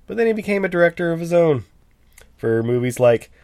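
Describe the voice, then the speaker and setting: Stuffed-up man, lively jokey podcast host. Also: on the high side, brisk, dry recording, studio quality. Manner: jokey, rambling with fillers. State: stuffed-up nose. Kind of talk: casual chat.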